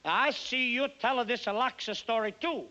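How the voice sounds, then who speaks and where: A man's voice: very high-pitched, normal speed, voice pushed up. A man putting on the voice of a stubborn older Italian barber who speaks broken English with a heavy Italian accent. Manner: broken English in a thick dialect. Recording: dull old TV soundtrack with loud music.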